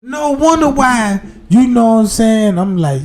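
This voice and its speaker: A man with a high voice tells a profane comic story to his livestream audience. He swings from loud, exclaiming bursts down to half-mumbled asides. His delivery is loose, crude and animated. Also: normal speed, few pauses. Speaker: livestream host. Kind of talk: profane comedic storytelling rant.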